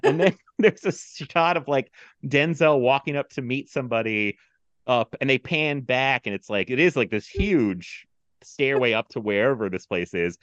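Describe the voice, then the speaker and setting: A man's voice: mid-range voice, moderate pace, dry recording, muffled recording. A man hosting a casual movie podcast, telling stories with lots of laughs and mimicking people. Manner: animated storyteller, mimics people, laughs often. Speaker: podcast host.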